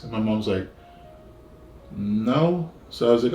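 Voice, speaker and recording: A man's voice: mid-range voice, fast talker, darkish tone, reverberant. A man in his thirties with an American accent, casually telling a rambling childhood story full of fillers. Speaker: vlogger.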